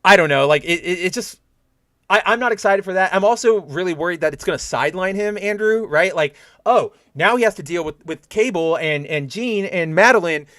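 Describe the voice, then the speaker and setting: A man hosting a casual review show, animated and profane, acting out scenes in mock voices. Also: high voice, brisk, no echo, studio quality. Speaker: podcast host.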